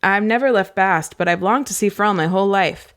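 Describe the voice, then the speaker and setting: A woman reading a novel aloud, voicing a disguised young lady who pitches her voice lower than usual. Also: fairly quick, a bit bright, close to an everyday voice. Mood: earnest. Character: young woman in disguise, speaking low at a ball.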